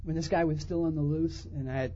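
A man who is a pastor, telling a story in a sermon to a conference with animated delivery, swinging between quiet and loud. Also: fairly high pitch, fast talker, lo-fi sound, slight background noise. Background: audience laughter.

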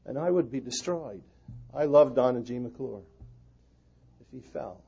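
A pastor preaching an earnest sermon to fellow pastors. His delivery swings from loud emphasis to hushed prayer. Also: medium pitch, animated, a little slow, gravelly, pauses often, muffled recording, music in the background.

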